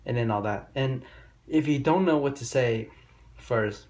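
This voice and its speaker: A young man talks straight to camera in a casual vlog monologue. He rambles and swears freely, stringing together stories with loose, run-on grammar. His voice sits at an ordinary, middle pitch for a man. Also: unhurried, darkish tone. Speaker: vlogger giving dating advice.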